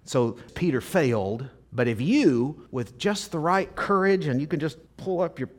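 A man's voice: a little high, expressive, measured pace. A male pastor giving a sermon to a live congregation, preaching conversationally, asking the audience questions and acting out scripture quotes with drama. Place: church service before a congregation.

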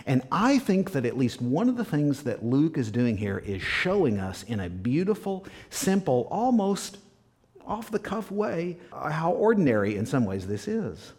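A man's voice: a little high, sing-song, measured pace, a little mellow. A man preaching a sermon as pastor, emphatic and repetitive, sometimes dropping to a near whisper. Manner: emphatic, repeats key words, drops to a whisper at times.

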